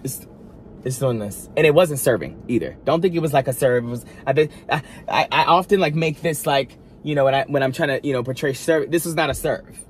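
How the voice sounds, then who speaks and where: Animated man telling a dramatic story. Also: mid-range voice, fairly quick, a little hiss or hum. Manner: animated, dramatic retelling with frequent asides and restarts; talks straight to viewers. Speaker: vlogger. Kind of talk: storytime monologue.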